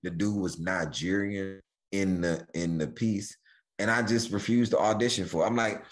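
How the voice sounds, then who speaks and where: A middle-aged man from Houston, a stand-up comedian telling stories as a guest, lively and quick to slip into put-on voices. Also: low-pitched. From Houston, Texas. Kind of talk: animated storytelling chat.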